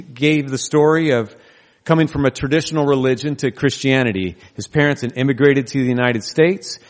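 Earnest male pastor preaching in a reverberant hall. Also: fairly high pitch. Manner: storytelling, earnest with touches of humor. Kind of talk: sermon. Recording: long reverb of a large hall.

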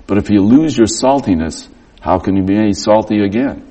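A middle-aged man preaching a storytelling sermon, animated and acting out the dialogue. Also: fairly low pitch, normal speed.

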